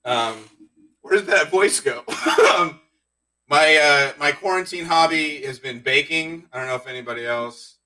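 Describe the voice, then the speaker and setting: A man doing a stand-up comedy set, telling deadpan one-liners with awkward asides. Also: a little high, moderate pace, far from the mic, poor audio. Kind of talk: stand-up set streamed live.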